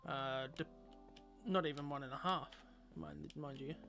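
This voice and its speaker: A man's voice: mid-range voice, measured pace, bright, forceful tone, soft background music. A man streaming a game, chatting casually with viewers and rambling aloud with lots of fillers.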